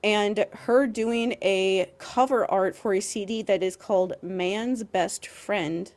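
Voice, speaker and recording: Young woman, podcast co-host, heated rant, emphatic, mid-pitched voice. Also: fairly even intonation, takes it slowly, a little mellow. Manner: heated and emphatic, heavy use of "like", swearing. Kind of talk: ranting podcast chat.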